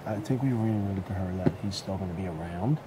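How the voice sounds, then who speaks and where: A man dropping quick, mumbled asides in a casual strategy chat. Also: low-pitched, very noisy. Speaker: reality show contestant.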